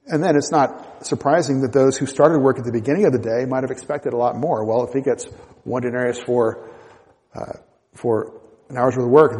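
A man reading Bible verses aloud and explaining them in a measured, reflective way, with small restarts. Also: mid-range voice, dark tone, long reverb tail. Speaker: Bible teacher.

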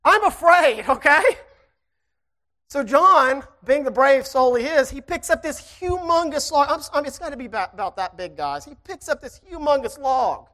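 A preacher with a notably high voice tells a personal story to the church in a folksy, animated way. The delivery then swells into fervent preaching. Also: normal speed.

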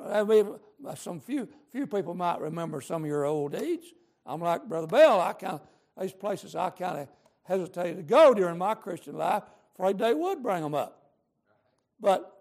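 A man preaching a sermon, fervent and emphatic, repeating lines for stress and using folksy grammar. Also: high-pitched.

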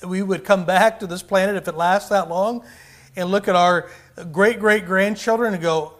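A man's voice: high voice, moderate pace, fairly bright tone. A man preaching a sermon with fervor, often rising and then dropping his volume. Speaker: pastor.

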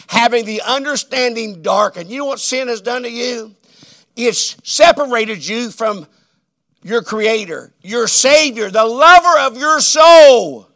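A man preaching a sermon, swinging between loud emphatic declarations and hushed, drawn-out phrases. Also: high-pitched, creaky.

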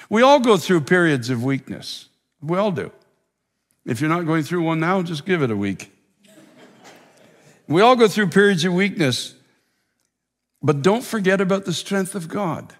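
A man's voice: a little high, a bit bright. Preaching man in a reverberant hall. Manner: preaching with rising intensity and emphatic repetition. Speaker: pastor. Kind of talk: sermon.

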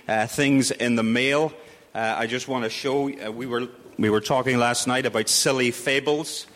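Northern irish man, blunt and joking, mid-pitched, church hall echo. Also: fairly bright tone. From Northern Ireland. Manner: humorous and blunt, with self-deprecating asides. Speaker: mission director. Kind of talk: conference talk. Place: church sanctuary. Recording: long reverb of a church hall.

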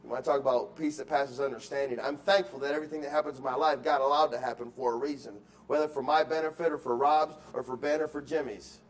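A male pastor preaching a sermon, moving between quiet musing and loud, emphatic exhortation, with repeated words and restarts. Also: mid-range voice, steady tone, fast, few pauses, slight background noise. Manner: acts out excuses in quoted voices.

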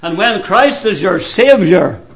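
A man preaching a sermon in a slow, deliberate way, with sudden drops to a hushed voice. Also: high voice, sing-song, gravelly, breathy edge.

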